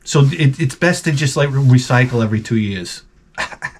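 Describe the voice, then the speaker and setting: A man with a mid-pitched voice who gives advice in a blunt, rambling way. He curses freely, stumbles and restarts his sentences, and talks in the loose tone of a crude comedic monologue. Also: normal speed, a little hiss or hum. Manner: reads viewer letters aloud and then reacts to them. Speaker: advice show host.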